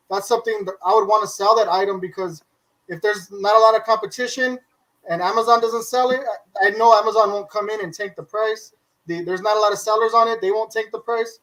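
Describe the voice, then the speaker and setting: A man's voice: high-pitched, a bit bright, poor audio. A man who resells on Amazon, explaining his methods in a casual chat with frequent stammering restarts.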